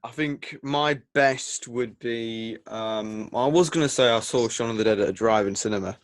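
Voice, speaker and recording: A man's voice: mid-range voice, normal speed, no room sound. A young man, co-hosting a casual podcast chat, rambling and hesitant with lots of fillers. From England. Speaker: podcast co-host.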